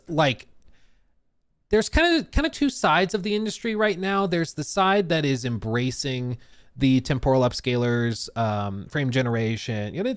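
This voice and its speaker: Clean, fairly bright and on the high side, this man's voice comes through in a dry, studio-quality recording. Hosting a casual live stream as a streamer and games reviewer, he reads out chat comments and rambles self-deprecatingly with many fillers.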